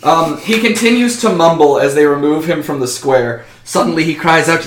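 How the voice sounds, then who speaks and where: Far from the mic in an echoey room, a man with a slightly high voice runs a tabletop game as game master. He speaks at normal speed with few pauses, keeping it casual, using lots of fillers and laughing often.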